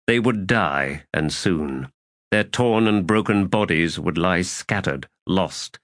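A man narrating a fantasy audiobook in a grave, measured, dramatic way. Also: low-pitched, fairly bright tone, no room sound, clean studio sound.

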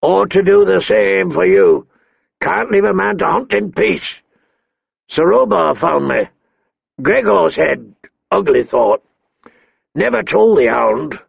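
A man voicing a hoarse, hot-tempered dying king who talks gruffly and halts with pain, in a dull lo-fi dry recording. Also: high voice, sing-song, no echo, pitched above the performer's own voice, heavily acted. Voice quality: hoarse, gravelly. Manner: gruff, blustering, halting with pain.

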